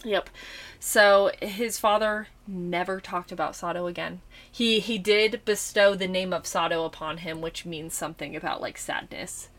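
A woman co-hosting a casual podcast, telling a story in an animated way and swearing freely. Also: fairly low pitch, normal speed. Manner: animated, swearing, acts out her own reactions.

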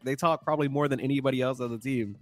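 A man hosting a podcast in casual chat with his brother, laughing often and talking in quick bursts. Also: mid-range voice, fairly even intonation, slight background noise. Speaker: podcast host.

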